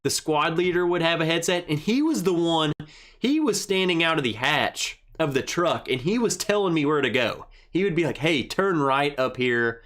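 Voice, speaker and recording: A man's voice: fairly high pitch, expressive, normal speed, a bit bright. A young man hosting a casual live stream, rambling through an army story and reading viewer comments aloud. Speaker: livestream host.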